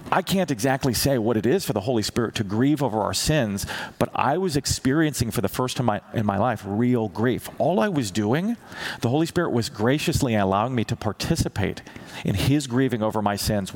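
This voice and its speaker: A man preaching a sermon as teaching pastor, candid and self-deprecating, acting out prayers and God's replies in a raised voice. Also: medium pitch. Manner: animated, acts out dialogues with God in a raised voice.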